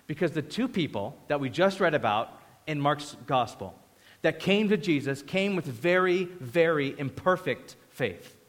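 A man's voice: fairly high pitch, animated, unhurried. A man preaching a sermon as pastor, conversational and acting out voices as he goes. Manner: conversational, acts out voices in quotes. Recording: echoey hall reverb.

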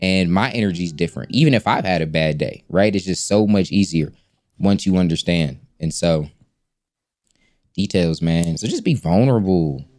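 Deep-voiced laid-back man. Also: expressive, normal speed, a little mellow, no echo, soft background music. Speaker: podcast co-host. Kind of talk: casual relationship chat.

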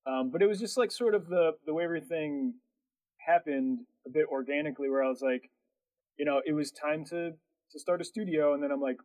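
A man's voice: a little high, fairly quick, dry recording, poor audio. Easygoing man with a dry, close sound. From Connecticut. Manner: relaxed, easygoing, many fillers. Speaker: animation studio owner, guest. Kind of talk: casual interview talk.

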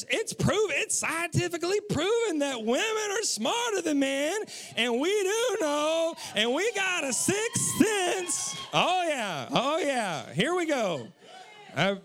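A young adult man preaching a sermon as pastor, telling a story with animated delivery and acting out his own lines. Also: very high-pitched.

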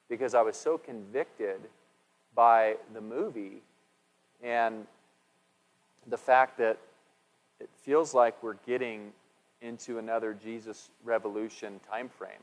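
A man's voice: medium pitch, steady tone, normal speed. A male pastor giving a conversational sermon, chatty and asking his congregation questions as he goes. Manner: chatty, asks the congregation questions, restarts often. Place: church sanctuary. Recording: echoey hall with long reverb.

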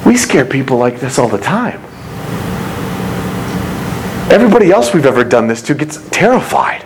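A pastor preaching a sermon in an animated, conversational way, mixing scripture reading with casual asides. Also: male voice, medium pitch, fast, noisy background.

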